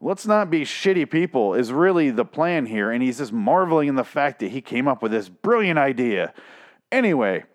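A man with a middle pitch and a very lively, swinging delivery rants as he mocks a piece of writing. He swears freely and sounds sarcastic and incredulous. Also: normal speed. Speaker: commentator reading an article aloud. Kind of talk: comedic reaction commentary.

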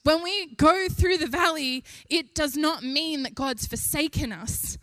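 A young woman preaching a sermon in an animated way, lifting her voice to stress each point. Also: high voice, a little slow, dry recording. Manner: animated, rising with emphasis, laughs between points.

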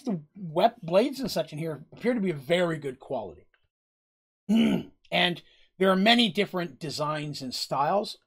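Casual rambling male game master. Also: a little high. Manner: casual, rambling, self-correcting. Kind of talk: narrating a tabletop game.

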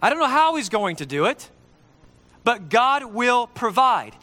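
A male preacher delivers a sermon in a high, bright voice. He speaks emphatically, slowing down to repeat his key lines for effect. His delivery rises and falls with his points.

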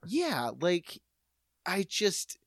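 A man's voice: high-pitched, wildly swooping pitch, drawn-out words, crowd noise. A young man co-hosting a comedy podcast, making sardonic quips and laughing at his own jokes. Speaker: podcast co-host. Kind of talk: casual comedic banter.

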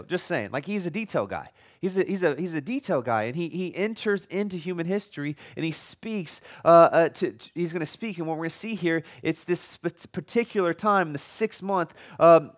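A middle-aged man delivers a sermon in a relaxed, chatty way. His voice sits a little high for a man, and he often restarts phrases and drops in light jokes. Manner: conversational, repeats and restarts words, jokey asides. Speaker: pastor.

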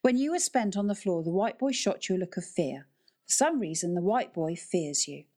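Woman doing a grave woman caretaker, low and serious. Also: expressive, normal speed, dark tone, close to an everyday voice. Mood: insistent.

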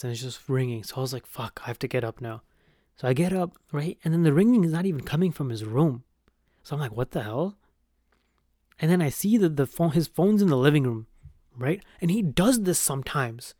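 A man's voice: a little high, a little mellow, no room sound, clean studio sound. A young man telling a long, profane, rambling story in casual podcast chat, full of "like" and "right?". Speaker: podcast host.

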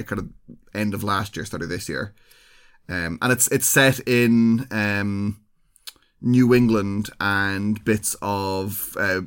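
Wry podcast co-host. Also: male voice, on the low side, a bit bright, clear, resonant tone. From Ireland. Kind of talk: casual podcast chat.

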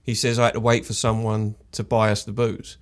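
A man chatting casually about a film, with quick jokey asides and chuckles. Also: lowish voice, flat delivery. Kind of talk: casual chat reviewing a film.

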